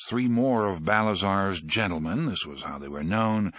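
An audiobook narrator, a man with a fairly low voice, reads in a steady and measured way. The recording is close and dry, without any room sound.

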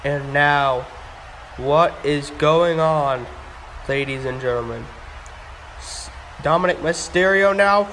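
Man, high voice, toy wrestling commentator, breathless, shouty, echoey room, faint background hiss. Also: slow pace, pauses often. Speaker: play-by-play commentator. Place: home room with echo.

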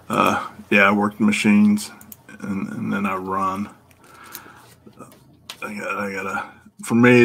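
Gravelly, profane man chatting on a live stream. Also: on the low side, bright, forceful tone. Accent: American Midwest. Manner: rowdy, profane, laughs often, greets viewers by name. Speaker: livestream host and EFI tuner. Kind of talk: casual live-stream chat with viewers.

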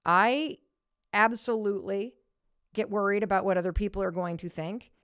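A middle-aged woman hosting a podcast, telling a story in a casual, animated way and acting out quotes in a high voice. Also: normal speed, clean tone, no echo, studio quality. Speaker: podcast host.

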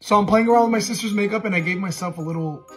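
A man's voice: sits high, racing. A young man teasing his family in playful prank skits for short comedy videos. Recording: loud music over the voice.

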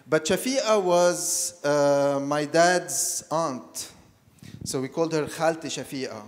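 A man from Lebanon telling a personal story at a panel talk, reflective and halting, often circling back to repeat a phrase. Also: fairly high pitch. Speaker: panel speaker. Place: lecture hall. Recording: long reverb of a lecture hall.

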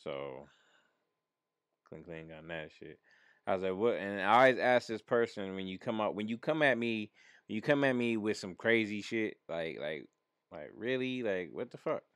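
Smooth low-voiced man telling a story. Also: animated, moderate pace, fairly bright tone, no room sound, clean studio sound. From Michigan. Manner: profane, laid-back, repeats himself while telling a story. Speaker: streamer host. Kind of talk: casual storytelling.

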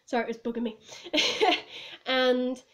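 A woman's voice: high voice, fairly even intonation, takes it slowly, a bit bright. A woman vlogging casually to camera at home, rambling and giggling as she reviews a film. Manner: rambling, giggly, lots of "like" and "I was just like". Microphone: phone or camera on a table.

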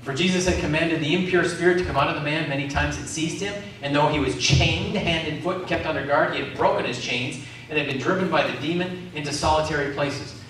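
A man's voice: fairly high pitch, fairly quick, few pauses, background noise. A man preaching a sermon, calling out questions to the congregation. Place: community centre hall. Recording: echoey hall from far off.

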